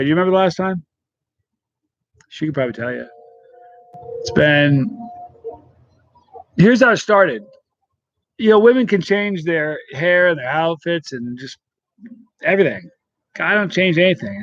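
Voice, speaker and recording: A man's voice: on the high side, no room sound, lo-fi sound. Chatty man greeting live-stream viewers. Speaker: channel host reading live chat. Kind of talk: casual live-stream chat.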